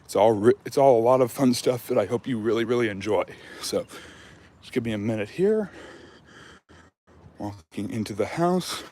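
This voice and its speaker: A man's voice: medium pitch, moderate pace, pauses often, dark tone, a little hiss or hum. A man hosting a casual history Q&A livestream, out of breath after a jog, rambling loosely with lots of fillers and restarts. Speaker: history channel host.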